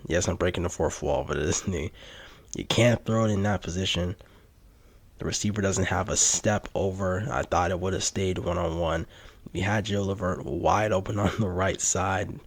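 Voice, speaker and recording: A man giving casual play-by-play commentary over his football video game, rising with excitement on big plays. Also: sits low, normal speed, husky, no echo. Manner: mock sportscaster play-by-play, lively on big plays. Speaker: gaming YouTuber.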